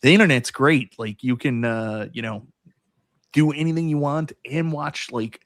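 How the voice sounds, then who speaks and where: A loose, joking man hosting a relaxed chat, swearing freely and acting out other people's lines. His voice sits in a middle pitch. The sound is close and dry. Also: normal speed, no room sound. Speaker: host. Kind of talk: casual podcast chat.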